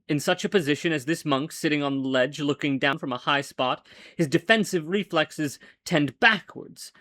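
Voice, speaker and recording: A man voicing a cocky male gunman who speaks low and matter-of-fact. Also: a bit bright, no room sound, clean studio sound, close to an everyday voice.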